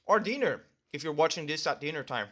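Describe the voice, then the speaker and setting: A young man chats casually to his camera while he eats, his voice sitting a little higher than most men's. He rambles, fills gaps with ums and uhs, and sometimes talks with his mouth full. It sounds like a relaxed home video shot on the camera's own mic. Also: fairly quick. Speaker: vlogger. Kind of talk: casual talk to camera while eating lunch.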